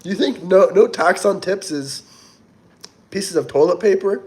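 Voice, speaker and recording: A man's voice: high-pitched, animated, unhurried, darkish tone. A man hosting a casual livestream, chatting loosely and reading viewer comments aloud in a rambling way. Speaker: livestream host reading chat.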